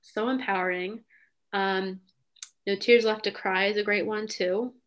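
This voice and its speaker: A young woman hosts a relaxed podcast conversation. She talks with eager enthusiasm, her sentences full of "um" and "like" as she gushes along. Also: mid-range voice, a little slow. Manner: enthusiastic, lots of "um" and "like". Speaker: podcast host. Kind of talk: casual chat.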